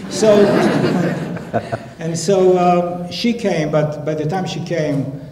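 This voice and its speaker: A man on a public panel telling a story in an animated way, acting out phone calls in different voices. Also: high-pitched, drawn-out words. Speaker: panel guest, scientist. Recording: echoey hall, faint noise.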